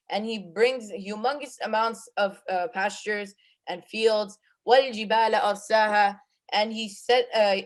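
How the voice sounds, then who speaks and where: Male presenter explaining Quran verses. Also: high-pitched. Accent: Arabic recitation of verses. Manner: recites Arabic verses, then explains in English with many fillers and restarts. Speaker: student presenter of Quran commentary.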